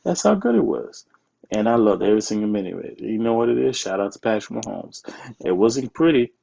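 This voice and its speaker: A man's voice: on the low side, animated, fairly quick, vocal fry, warm tone, dull audio. A man co-hosting a casual sports podcast, teasing and trash-talking with frequent laughs. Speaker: podcast co-host.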